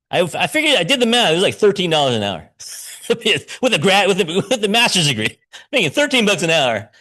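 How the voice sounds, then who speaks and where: Lively, laughing male pastor telling a story. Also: a little high. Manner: conversational storytelling with frequent laughs and self-corrections. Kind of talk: sermon. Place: church sanctuary.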